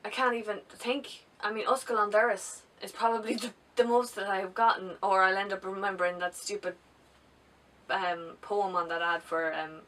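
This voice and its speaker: A woman's voice: medium pitch, steady tone, moderate pace, a bit bright. Chatty Irish woman vlogging from a distance. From Ireland. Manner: chatty and rambling, with frequent ums and restarts. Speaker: travel vlogger. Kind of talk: casual chat to camera. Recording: distant mic with faint background noise.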